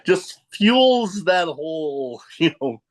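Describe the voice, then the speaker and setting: A male podcast host in easygoing conversation. He speaks at a slow, unhurried pace and laughs often. His stories wander through loose asides. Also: fairly high pitch, sing-song. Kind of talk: casual interview chat.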